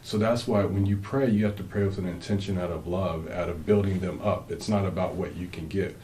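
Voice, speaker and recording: A man's voice: low-pitched, fairly even intonation, a little fast, warm tone, reverberant, slight background noise, low-quality recording. A man co-hosting a faith-based marriage talk with his wife, speaking earnestly and rambling with frequent restarts. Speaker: co-host, husband.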